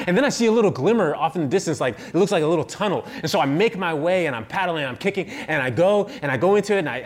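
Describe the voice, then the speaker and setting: A middle-aged pastor preaching, telling a self-deprecating personal story in an animated way. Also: male voice, sits high.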